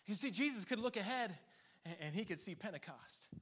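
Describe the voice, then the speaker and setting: A man's voice: high voice, a little fast, breathy edge. A man preaching a sermon, laughing often and acting out the people in the story. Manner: animated, laughing often, acting out quoted voices. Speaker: pastor.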